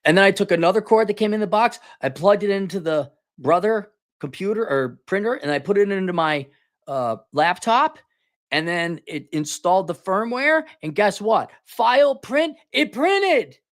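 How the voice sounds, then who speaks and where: A man hosting a podcast, delivering a crude, sarcastic rant, mocking companies in put-on voices and often clearing his throat. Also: sits high, expressive, normal speed. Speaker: podcast host. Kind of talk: ranting commentary monologue.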